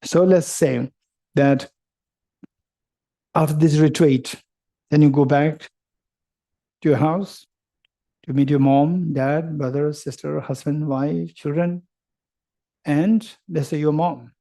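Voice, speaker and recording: A man's voice: a little high, fairly even intonation, slow, creaky, long pauses, warm tone. A man giving a Buddhist teaching to a retreat group, playfully telling stories and acting out the dialogue as he checks that listeners follow. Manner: playful storyteller who acts out everyday dialogue; repeats points and checks understanding with the audience.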